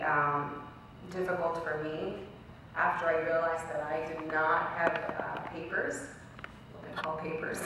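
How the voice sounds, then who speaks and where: A woman's voice: fairly low pitch, a bit bright, slight background noise. Young woman speaking in an echoey hall. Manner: earnest storyteller, acts out quoted dialogue. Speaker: guest speaker. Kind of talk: personal speech to an audience. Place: college event hall. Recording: very echoey hall recorded from far off.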